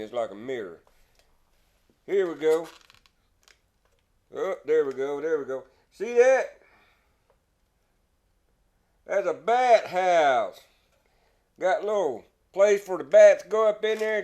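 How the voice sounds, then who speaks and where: Texas guy in his wood shop telling a redneck joke, folksy and rambly, kinda high voice. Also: darkish tone. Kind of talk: casual storytelling. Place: his woodworking shop, indoors.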